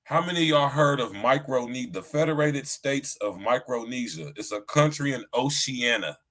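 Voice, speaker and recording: Here the middle-aged host sounds animated, his mid-range voice fairly bright and moving at a normal speed. He runs the podcast livestream as a loose, slang-filled chat, frequently adding "you know what I'm saying."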